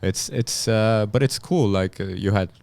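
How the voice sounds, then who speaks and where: Guest comedian: man, very deep voice, easygoing and halting, dry close sound. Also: creaky, a little mellow, no room sound. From Estonia. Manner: halting, laid-back, many fillers. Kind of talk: casual chat.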